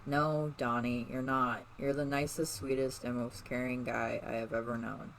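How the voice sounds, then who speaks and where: A man voicing a cheerful, caring young woman in a read-aloud fan story, raising his voice higher for her. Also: level tone, moderate pace, vocal fry, a bit bright, slight background noise, low-quality recording. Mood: gentle.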